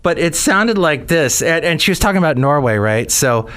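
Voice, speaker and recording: A man's voice: fairly high pitch, expressive, normal speed, fairly bright tone, clear, resonant tone. A man hosting a comedy podcast in a casual, rambling monologue full of restarts. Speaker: podcast host.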